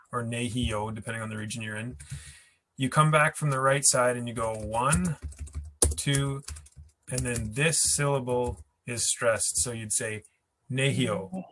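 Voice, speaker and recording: A man teaching a language class explains grammar at a whiteboard, patient and chatty, laughing easily and thinking aloud mid-sentence as he writes examples. His voice is medium-pitched and a bit bright, with slight background noise.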